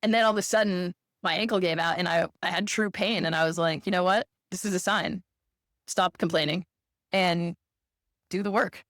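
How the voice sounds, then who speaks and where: A woman in a casual conversation, reflective and animated as she tells a story. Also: lowish voice, moderate pace, dry recording, clean studio sound. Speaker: podcast co-host.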